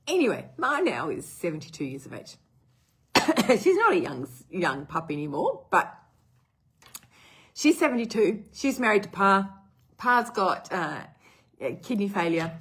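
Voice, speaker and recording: A woman's voice: deep voice, a bit bright, husky. A middle-aged woman with a cough, rambling casually with lots of fillers as she tells a story to camera. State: has a cough. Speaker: brand partner telling a customer story.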